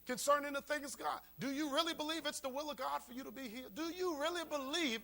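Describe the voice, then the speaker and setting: A man's voice: extremely high pitch, fast, bright, forceful tone. A man pastor preaching a sermon, repeating key lines for emphasis. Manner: preaching with call-and-response emphasis and repetition.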